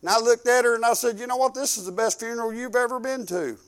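A middle-aged man preaching a folksy storytelling sermon, animated and colloquial, swinging from loud bursts to hushed asides. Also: very high-pitched, quick pace. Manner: colloquial, rambling with restarts.

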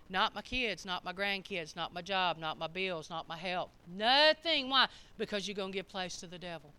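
An older woman preaching a sermon, reading scripture slowly and breaking into plain, folksy, emphatic commentary. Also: medium pitch, pushed and bright, smooth.

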